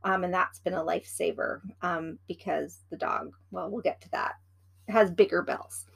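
A woman's voice: lowish voice, fairly even intonation, moderate pace, creaky, slightly rough. A woman co-hosting a casual chat, rambling and teasing as she gives practical advice about pets. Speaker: podcast co-host.

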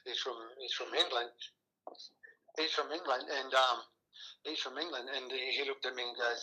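A man's voice: mid-range voice, fairly even intonation, fairly quick, pushed and bright, breathy edge, dull audio. A middle-aged man, a retired rugby player, talking casually as an interview guest, rambling with many restarts and fillers. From Australia.

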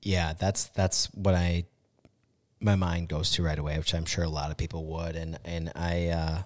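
A man's voice: sits low, little pitch movement, normal speed. A man hosting a casual interview and reacting to his guest's story. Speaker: podcast host.

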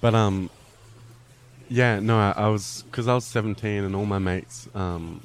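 Deep-voiced laid-back man. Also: steady tone, moderate pace, a little hiss or hum. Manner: laid-back, self-mocking. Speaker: podcast guest. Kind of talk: casual chat.

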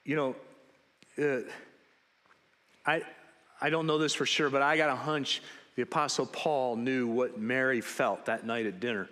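A man preaching a sermon in church, telling Bible stories in an animated way and acting out the people in them. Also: mid-range voice, unhurried, long pauses, big-room sound. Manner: animated storytelling, acting out biblical characters. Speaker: pastor.

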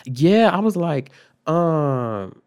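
A man's voice: on the high side, drawn-out words, clean tone. Young man telling a dramatic story. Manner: animated, profane, dramatic storytelling. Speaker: vlogger. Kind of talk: casual storytime vlog.

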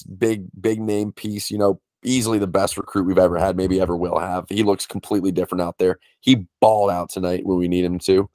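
Low-voiced man in casual sports chat. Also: dry recording. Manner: rambling, emotional fan talk with restarts. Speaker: podcast co-host.

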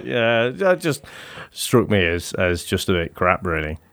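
A man's voice: deep voice, very animated, measured pace, gravelly, a bit bright, no room sound, clean studio sound. A man co-hosting a podcast, chatting about a film in a laid-back way, laughing often and swearing casually. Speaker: podcast co-host. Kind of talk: casual film review chat.

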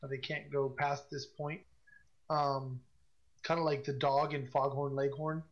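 A man narrating a tabletop game as game master, slow and hesitant with many fillers. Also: medium pitch, level tone, highs cut off.

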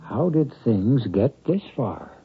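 A man hosting and narrating an old radio mystery with a wry, measured delivery. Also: mid-range voice, sing-song, noisy background. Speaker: host and narrator. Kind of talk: scripted radio drama narration. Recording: tinny old radio broadcast with music.

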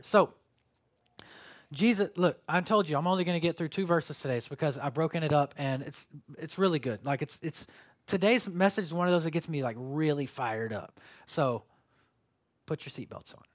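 A male pastor giving a sermon, telling stories with sudden loud bursts and quiet drops. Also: a little high, brisk.

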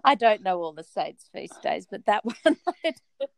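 Gravelly-voiced woman co-host, close and dry. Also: mid-range voice, sing-song, moderate pace, no echo. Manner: warm, encouraging, brief affirmations. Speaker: podcast co-host. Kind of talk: casual faith podcast chat.

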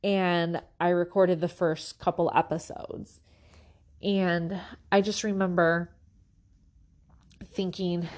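Slow, earnest woman sharing her faith. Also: lowish voice, little pitch movement, a little mellow. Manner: earnest, halting, many restarts. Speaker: podcast host. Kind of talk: personal faith testimony.

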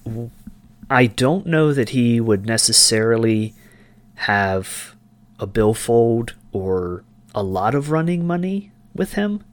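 A man's voice: mid-range voice, animated, slow, no echo. A man playing a tabletop role-playing game, thinking aloud about his character's choices with many fillers. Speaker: player. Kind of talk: casual tabletop game chat.

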